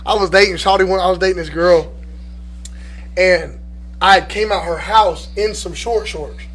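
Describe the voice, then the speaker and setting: A man telling animated, profane stories in a casual chat. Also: high-pitched, moderate pace. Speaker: podcast participant telling stories.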